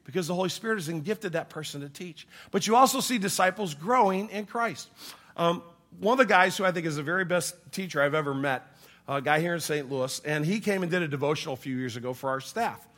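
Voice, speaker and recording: This pastor, whose voice is bright and slightly high-pitched, delivers a sermon to his congregation in a conversational, animated, brisk manner. He acts out quoted voices and swings between loud, emphatic lines and quiet, hushed asides.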